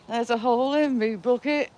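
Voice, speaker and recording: Woman, live stream host, helpless laughing fit, snorting, self-mocking, high-pitched, very slow. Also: darkish tone. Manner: giggly, self-mocking, greets viewers by name. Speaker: livestream host. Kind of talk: casual live stream chat with viewers.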